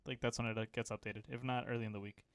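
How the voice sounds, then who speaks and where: Young man with a smooth, resonant voice. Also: medium pitch, level tone, racing, dry recording. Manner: rambling, filler-heavy, enthusiastic. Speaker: podcast co-host. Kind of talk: casual anime podcast chat.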